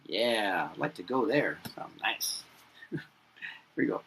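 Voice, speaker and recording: Upbeat male teacher drilling words slowly. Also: mid-range voice, very animated, creaky, pushed and bright, husky. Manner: upbeat and playful, repeats each word slowly, chuckles often. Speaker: English teacher. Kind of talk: pronunciation lesson with repetition.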